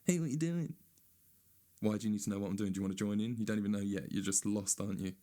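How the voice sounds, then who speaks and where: A man with a fairly low voice, ranting in a stand-up monologue. He swears freely and sounds sarcastic, and now and then he mocks other people in a high whiny voice. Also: completely flat delivery, racing, mellow.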